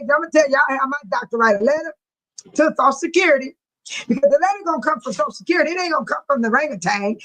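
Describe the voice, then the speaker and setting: A high-voiced middle-aged woman hosts a casual livestream. She keeps breaking into laughter and reads out viewer comments as she talks. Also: a bit bright, rough recording. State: laughing to tears. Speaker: livestream host.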